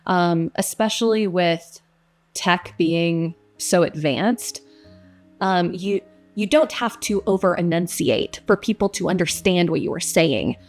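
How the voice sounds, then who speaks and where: A woman's voice: on the low side, a little slow, darkish tone, faint music behind. A young woman who narrates audiobooks, answering interview questions in a casual, reflective way with frequent fillers.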